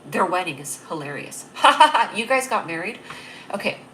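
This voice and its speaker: Speaking into a close webcam, a young woman hosts a relaxed comedy livestream in a lowish but bright, forceful voice. She's expressive and brisk, rambling with good cheer and laughing along with her own jokes. A faint hiss runs under the recording.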